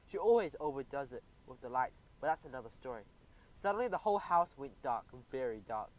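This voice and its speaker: A man narrating a children's audiobook in the first person, animated and expressive. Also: medium pitch, brisk, low-quality recording.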